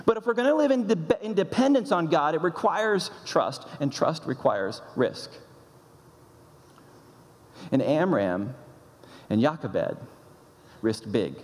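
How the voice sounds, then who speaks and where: A male pastor delivers a sermon in an emphatic, deliberate way, driving home each point by repeating it. His voice sits a bit high for a man and rings out with a long reverb from a large hall. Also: expressive. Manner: emphatic, repeats key phrases.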